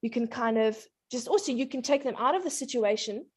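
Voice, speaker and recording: On a talk show, a parenting coach in her thirties chats casually about her family in a brisk, highish voice with lively intonation and a breathy edge. Her storytelling is warm, punctuated by frequent laughs and playful child impressions.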